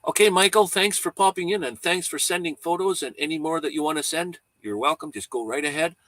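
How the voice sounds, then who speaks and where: A man's voice: on the high side, fairly quick, fairly bright tone, no echo. A man hosting a casual livestream, rambling easygoing chat while showing photos, chuckling now and then. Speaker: livestream host.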